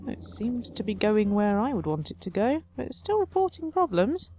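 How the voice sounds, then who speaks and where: A woman's voice: medium pitch, big pitch swings, moderate pace, dark tone, slight background noise. Wry woman narrating her city game. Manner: chatty, wry, talks to her sims. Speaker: let's play host. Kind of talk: casual game commentary.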